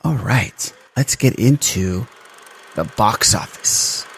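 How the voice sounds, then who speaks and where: A man's voice: on the low side, expressive, takes it slowly, vocal fry, slight background noise. A man in his thirties hosting a casual podcast, chatty and running through plugs and news. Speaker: podcast host.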